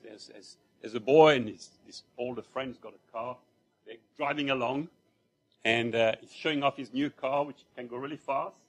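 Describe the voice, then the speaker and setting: A man's voice: medium pitch, breathy edge. A man from Mauritius, preaching a sermon in church in a conversational storytelling way, with asides to the congregation. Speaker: lay preacher.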